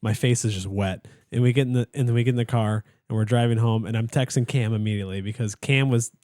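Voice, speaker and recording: A man's voice: mid-range voice, fairly even intonation, quick pace, warm tone, no echo, clean studio sound. Rambling young man telling a story. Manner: rambling storyteller, many fillers and restarts. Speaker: podcast co-host. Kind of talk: casual chat. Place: studio.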